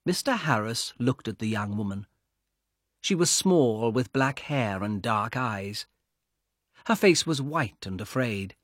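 A man narrates a simple story at a very slow, deliberate pace. His voice is breathy and lively in pitch, recorded dry and close. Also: no room sound.

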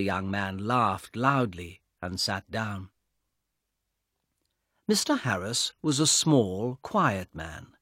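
Slow, breathy male storyteller. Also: on the low side, lively intonation, fairly bright tone, dry recording, studio quality. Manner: slow, deliberate reading. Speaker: narrator. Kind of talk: scripted story narration.

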